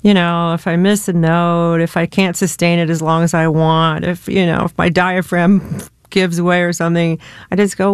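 A woman in her fifties from the United States speaks as an interview guest, thoughtful and open, with frequent laughs. Her voice is smooth and clear, and the recording is close and dry with no room sound. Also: lowish voice, fairly even intonation, normal speed, dry recording. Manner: reflective and candid, laughs often. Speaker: singer-songwriter guest. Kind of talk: relaxed radio interview conversation.

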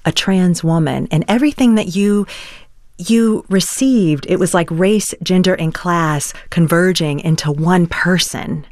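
A woman hosting a radio interview, asking measured, probing questions. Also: fairly low pitch, darkish tone, no echo, studio quality.

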